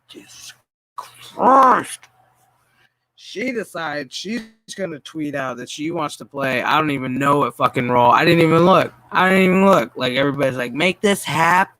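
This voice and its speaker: A man's voice: medium pitch, bright, forceful tone, no room sound. Profane, ranting male streamer. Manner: profane, exasperated and sarcastic; stammering restarts. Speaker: streamer host. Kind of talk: casual ranting stream commentary.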